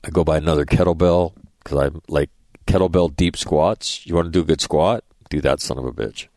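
A man's voice: a bass voice, fairly quick, warm tone, dry recording. A middle-aged man hosting a radio show, telling rambling, profane anecdotes and acting out the dialogue in a casual monologue.

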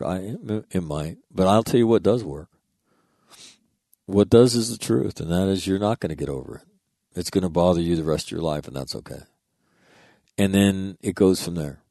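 A man's voice: sits low, moderate pace, warm tone, no room sound, studio quality. A man telling an earnest story in a casual monologue, reading out text messages and swearing freely.

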